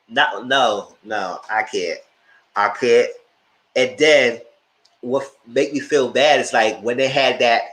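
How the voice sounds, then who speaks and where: A man hosting a live show, giving animated, opinionated commentary on reality TV and talking straight to his viewers. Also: mid-range voice. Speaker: host reviewing reality TV.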